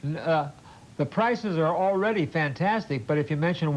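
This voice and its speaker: An older male TV host doing an in-studio sales pitch, halting and repeating words, with a jokey folksy manner. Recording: muffled old TV broadcast with faint hiss.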